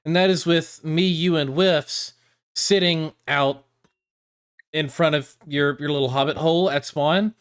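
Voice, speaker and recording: A man's voice: fairly high pitch, fairly even intonation, unhurried, clear, resonant tone. A man co-hosting a podcast in an easygoing, thoughtful manner. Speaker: podcast co-host. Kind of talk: casual podcast chat.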